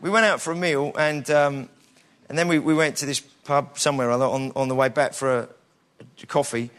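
A man's voice: medium pitch, fairly even intonation, brisk, fairly bright tone. A middle-aged British man giving an informal, conversational sermon, with frequent restarts and self-deprecating asides. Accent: British English. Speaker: preacher.

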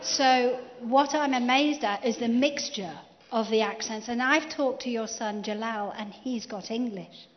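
A woman interviewing a guest at a church gathering, lively and often laughing. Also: a little high, unhurried, few pauses, long reverb tail, muffled recording.

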